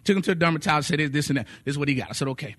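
His voice sits fairly high and comes out rapid-fire as he preaches. The sermon is told through testimonies, with acted-out quotes, sung lines, and lively storytelling.

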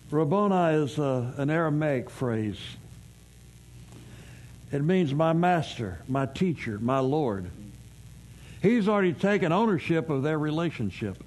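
A man's voice: a little high, a little mellow. A man preaching a sermon as pastor, folksy and conversational, telling everyday stories and asking rhetorical questions.

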